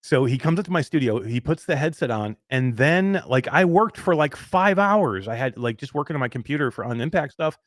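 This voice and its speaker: A man's voice: mid-range voice, animated, fairly quick, few pauses, no echo, clean studio sound. A man hosting a live weekly talk show, teasing his co-host and laughing often.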